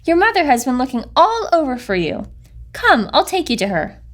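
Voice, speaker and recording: A woman's voice: high voice, very animated, normal speed, fairly bright tone, voice pushed up. A woman voicing an eager, exclaiming bird in a read-aloud picture book. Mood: excited. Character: excited chirpy male or female bird.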